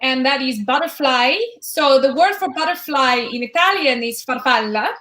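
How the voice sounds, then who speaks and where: A woman's voice: high voice, moderate pace, pushed and bright. A woman in a casual chat, easygoing and amused.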